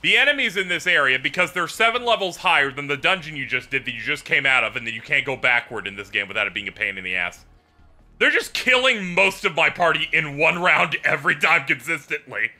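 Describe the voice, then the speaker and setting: A man livestreaming and chatting casually about a game, telling it as an animated story with swearing and laughter. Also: fairly high pitch, brisk, faint music behind. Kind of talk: casual gameplay chat.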